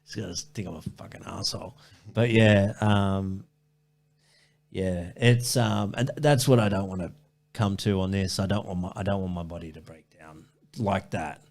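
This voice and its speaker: A man's voice: sits low, steady tone, moderate pace, gravelly, darkish tone. A man telling a long running story in a casual interview, rambling and swearing, with many restarts. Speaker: ultrarunner guest.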